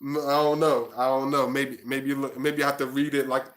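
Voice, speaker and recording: A man talks to his viewers in a bright, edgy voice that stays on a narrow, even pitch. His chat stumbles and restarts often. When he reads his own prose, he slows down and turns hushed. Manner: halting, with many restarts while chatting; slow and hushed when reading his prose. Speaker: author and channel host. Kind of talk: casual livestream chat and reading aloud.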